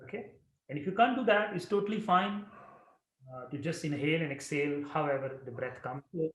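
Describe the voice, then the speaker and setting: A man teaching breathing and throat-center chanting, giving calm explanations between long, projected chanted syllables. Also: fairly high pitch, a little fast, roomy sound. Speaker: yoga and meditation teacher. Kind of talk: guided breathing and chanting instruction.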